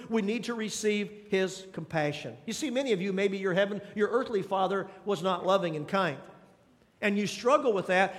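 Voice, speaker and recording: A male pastor with a high voice preaches an emphatic sermon, pressing his listeners with questions and repeated phrases. His voice carries a long reverb from the large hall around him. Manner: emphatic, exhorting the congregation with questions and repetition.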